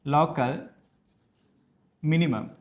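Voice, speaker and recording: A man from Sri Lanka, teaching a maths class slowly and repeating each phrase so students can write it down. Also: a little high, lo-fi sound. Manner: slow, repeats each phrase for note-taking, spells words out. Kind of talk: dictated classroom lesson.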